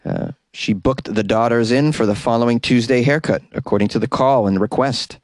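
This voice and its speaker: A man's voice: medium pitch, moderate pace, no echo. A man hosting a podcast, casually reading odd news stories and stumbling over hard words. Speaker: podcast host.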